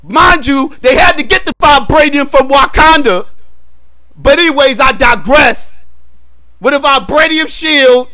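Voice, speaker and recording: A man giving a heated, profane rant in a movie review vlog, repeating himself emphatically and building to shouts. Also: very high voice, a little slow.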